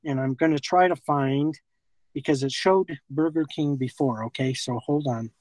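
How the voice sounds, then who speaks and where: A middle-aged man talking in a halting, rambling way with nervous laughter. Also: mid-range voice, darkish tone, no echo, poor audio. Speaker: confronted man. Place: parked car outside a fast-food restaurant.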